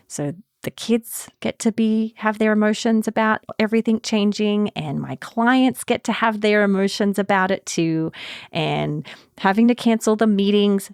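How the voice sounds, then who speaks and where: A woman hosting a podcast, telling a personal story in a casual, animated way and acting out her own reactions with big jumps in pitch. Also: clean tone, dry recording, studio quality. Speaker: podcast host. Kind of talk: casual solo podcast talk.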